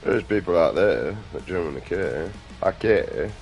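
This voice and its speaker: A man's voice: low-pitched, animated, normal speed, a little mellow, soft background music. A middle-aged man, rambling crudely and outspokenly in a casual vlog monologue. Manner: crude, outspoken, mumbling asides. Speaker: vlogger.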